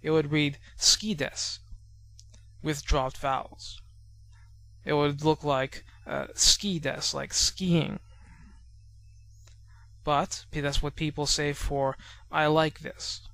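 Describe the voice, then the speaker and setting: Male lesson narrator, slightly high voice, patient and explanatory, slows down to sound out examples. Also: little pitch movement, vocal fry, a bit bright. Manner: measured and explanatory, spells out sounds slowly. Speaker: language teacher narrating a lesson.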